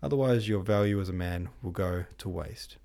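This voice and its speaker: Cold young prince, deep, gravelly voice, read by a man. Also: normal speed, mellow. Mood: bitter. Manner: curt, sweary.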